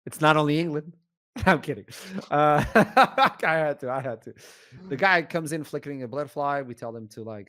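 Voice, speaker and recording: A man with a Portuguese accent, an esports shoutcaster telling a story as a podcast guest, animated and acting out the dialogue. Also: a little high, moderate pace. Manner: animated, acts out dialogue, laughs often.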